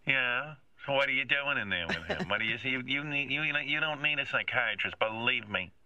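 An older man in a needling, gruff, dismissive manner, bantering on the radio. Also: mid-range voice, lively intonation, a little fast, sharp tone, no echo, dull audio.

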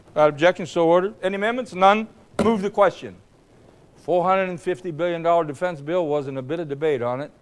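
An older man addresses a hall, recounting a story in a blunt, combative manner. His delivery alternates between loud outbursts and quieter asides.

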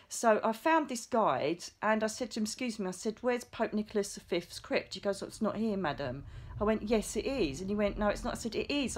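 A middle-aged woman tells a personal story in casual monologue. She is excitable and chatty, swears now and then, and acts out the lines she quotes. Her voice sits at an ordinary middle pitch. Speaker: psychic medium vlogger.

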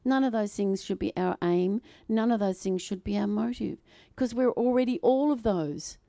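A woman preaching a sermon to a congregation in an animated, playful way, often laughing and acting out voices. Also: medium pitch, normal speed, vocal fry, no room sound, clean studio sound. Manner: acts out quoted voices.

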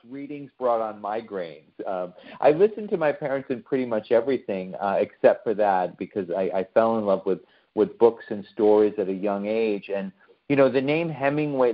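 A man's voice: medium pitch, highs cut off. A man from the United States giving a conversational online talk to a remote audience, often posing questions to his listeners. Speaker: lecturer.

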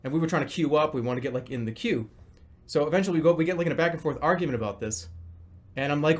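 A man's voice: a little high, lively intonation, very fast. A man streaming a game, telling a story casually, swearing freely and acting out both sides of a conversation. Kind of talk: casual storytelling while gaming.

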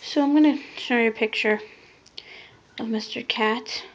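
A woman casually rambling through a makeup vlog. She often trails off into soft mutters. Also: on the high side, normal speed. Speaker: makeup vlogger. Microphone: phone. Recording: lo-fi phone recording.

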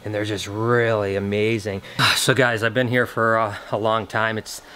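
A middle-aged man talking casually to camera as a vlogger host, chatty and excitable, calling his viewers guys. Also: lowish voice, moderate pace, slight background noise. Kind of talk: casual vlog talk to camera.

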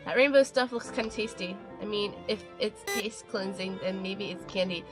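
A woman's voice: mid-range voice, moderate pace. Chatty young woman playing a game. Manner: chatty, jokey, reads game text aloud. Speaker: gaming channel host. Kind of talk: let's play commentary. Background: game music.

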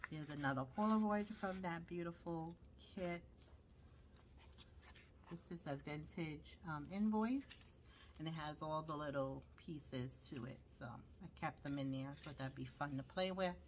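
Low-voiced chatty woman, Brooklyn accent. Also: slight background noise. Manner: chatty, rambling with many fillers. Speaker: crafter showing handmade journals. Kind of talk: casual show-and-tell.

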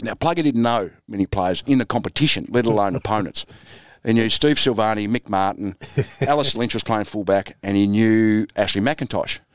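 Australian man, sixties, low voice, relaxed anecdotes, dry close sound. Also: moderate pace, few pauses, clear, resonant tone, no echo. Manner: laid-back anecdotal yarn-spinning with chuckles. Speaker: interview guest, former footballer and coach. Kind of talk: storytelling interview.

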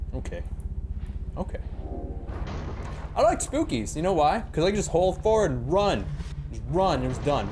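A man's voice: mid-range voice, noisy background. A man playing a horror game and commentating it, jumpy and exclaiming, joking to his viewers. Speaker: let's play gamer. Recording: game music behind.

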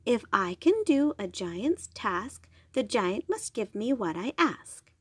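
A woman voicing a worried, determined mother in a storybook reading, speaking gently and earnestly. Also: a little high, sing-song, slow pace, husky, no echo, exaggerated voice.

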